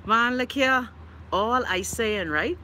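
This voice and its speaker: Bahamian lady on a livestream reading comments, loud mouth and cussing, bright punchy voice. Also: a little high, slow pace, a little hiss or hum. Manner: outspoken, profane, sassy, laughs often. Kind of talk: casual live-stream chat.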